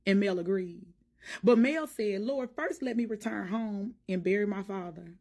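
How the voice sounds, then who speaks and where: A woman preaching to her followers in a fervent, informal church cadence, her voice climbing higher and louder as she gets worked up. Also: normal speed. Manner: fervent, rising in pitch and force as she preaches. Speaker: ministry vlogger. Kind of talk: preaching to camera.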